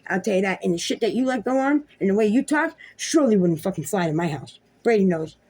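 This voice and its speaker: A woman with a medium-pitched, darkish voice and a breathy edge talks fast and animatedly. She is a vlogger and mother ranting to the camera at home, heated and profane, confronting someone head-on in a video monologue.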